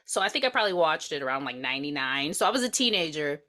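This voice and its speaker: Woman, forties, podcast co-host, casual movie talk, animated, bright tone, swooping pitch. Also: quick pace. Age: 40s. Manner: animated, acts out movie lines in exaggerated voices. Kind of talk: casual movie review chat.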